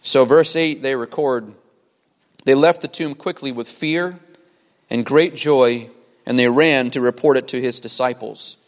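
Emphatic male preacher in a reverberant hall. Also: medium pitch. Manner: emphatic preaching with dramatic pauses and repeated phrases. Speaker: pastor. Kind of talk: sermon.

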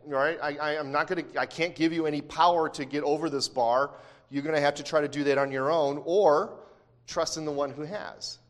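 A man's voice: a little high, steady tone, fairly quick. A man preaching an expository sermon as pastor, in a conversational way with frequent fillers and restarts. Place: church sanctuary. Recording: long hall reverb.

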